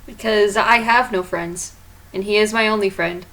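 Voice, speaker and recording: A woman hosting her own drawing stream, chatting casually with a friend, blunt and quick to swear and laugh. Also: mid-range voice, steady tone, a bit bright, low-quality recording.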